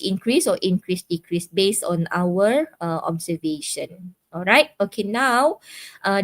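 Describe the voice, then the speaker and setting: A woman's voice: mid-range voice, no echo. Malaysian lady teacher going thru physics step by step, says okay a lot, mid voice, dry close mic. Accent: Malaysian English. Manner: patient, explains step by step with frequent okays. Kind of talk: live online physics lesson.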